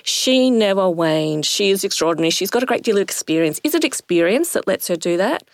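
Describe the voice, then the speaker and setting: A woman's voice: mid-range voice, lively intonation, a little fast, no room sound, clean studio sound. A woman hosting an interview, asking curious questions and sharing stories from recording narrators in the booth. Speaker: host and audiobook producer. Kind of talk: conversational interview.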